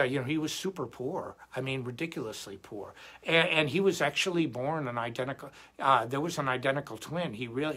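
A middle-aged man hosting a guitar live stream, chatting casually and rambling in an animated way, often restarting his sentences. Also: mid-range voice, husky. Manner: rambling, animated, self-interrupting. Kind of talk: casual livestream chat.

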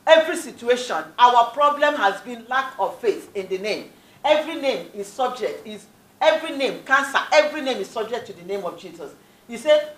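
A woman's voice: a little high, very animated, a little fast. A woman preacher giving a sermon with scripture reading, emphatic, repeating key phrases and often saying "praise the Lord". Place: church hall. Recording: echoey church hall.

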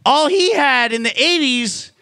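A man with a very high, bright voice performs stand-up comedy. He talks in a loose, chatty way, sprinkling in "like" and swearing freely. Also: expressive, a little slow. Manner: casual, profane, lots of "like" fillers.

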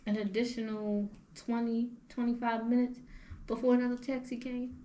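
Young woman podcast host, higher voice, casual slangy storyteller, roomy echo. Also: flat delivery, moderate pace, mellow. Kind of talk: casual chat. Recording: echoey room with faint noise.

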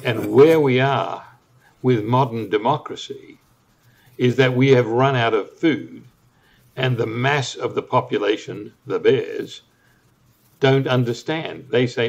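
An older man with an Australian accent giving measured analysis as an interview guest, talking deliberately with some restarts. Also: mid-range voice, gravelly. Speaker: guest commentator. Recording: muffled lo-fi audio.

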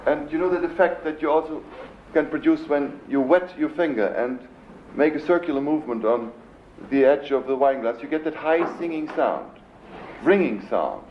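A man with a German accent lectures to a live audience and often stops to hunt for the right English word. His voice is fairly high and lively and swings up and down in pitch. The 1970s recording is dull and roomy, with a faint hiss. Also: moderate pace. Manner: searching for words, imitating sounds with his voice. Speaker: composer lecturing. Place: lecture hall.

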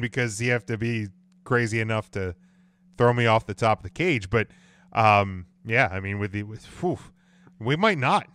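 A man's voice: medium pitch, pushed and bright, clean tone, no room sound. A man hosting a casual podcast chat, thinking aloud and passing the talk to his co-hosts. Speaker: podcast host.

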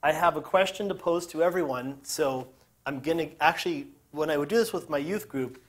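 A man's voice: fairly high pitch, brisk. A man leading a group Bible lesson, reading scripture aloud with casual, joking asides. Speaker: Bible teacher.

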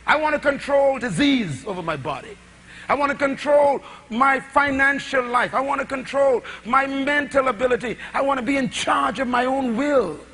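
A middle-aged man delivers a sermon in a very high-pitched, slightly rough voice at normal speed. He swings dramatically between shouted lines and hushed asides, and he fills it with rhetorical questions.

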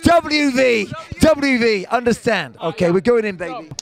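A male host hyping up a street freestyle outdoors at night, loud and chanting catchphrases. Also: extremely high pitch, very animated, a little slow, creaky. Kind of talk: hype street presenting.

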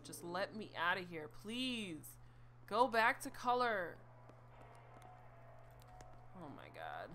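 A woman's voice: lowish voice, sing-song, slow pace, pauses often, pushed and bright, a little hiss or hum. A woman streaming a horror video game, talking to herself in jumpy exclamations. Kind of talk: live horror game playthrough.

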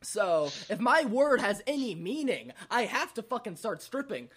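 A man's voice: high-pitched, big pitch swings, moderate pace, fairly bright tone, breathy edge. A young man casually telling a rambling, profane party story on a podcast, laughing often. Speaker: podcast host.

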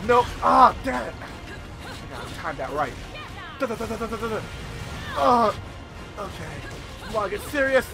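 A young man giving casual, excitable commentary while playing a video game, swearing and repeating lines from the game. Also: sits high, a little slow, gravelly, pauses often, over music. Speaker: gameplay video host. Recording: loud game soundtrack behind.

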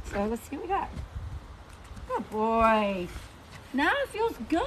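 Chatty Missouri-raised woman, slightly high voice. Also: very animated, normal speed, pauses often, very noisy. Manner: chatty, joking, folksy. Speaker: horse trainer and vlogger. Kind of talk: casual talk to camera while trimming a hoof. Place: outdoors at a horse farm.

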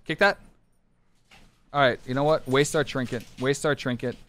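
A man streaming a competitive online game live, talking his teammates through the match in short clipped callouts and bursting into excited shouts. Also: medium pitch, normal speed. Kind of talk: live gameplay commentary.

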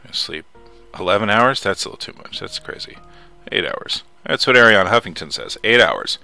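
A man with a low, gravelly voice and a bright, edgy tone chats his way through a survival game. He mutters to himself between actions and swears when something startles him. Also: expressive, a little fast, faint music behind. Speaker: let's play host. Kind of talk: casual gameplay commentary.

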